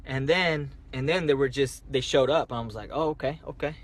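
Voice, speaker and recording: A man with a mid-range voice talks at a moderate pace from a parked car at night. Livestreaming on his phone, this driver rambles through a story casually, restarting and repeating himself.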